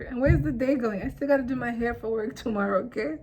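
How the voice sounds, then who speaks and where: A woman from Africa talking straight to camera in a casual, animated monologue, full of rambling asides. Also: fairly high pitch, quick pace, noisy background. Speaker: vlogger.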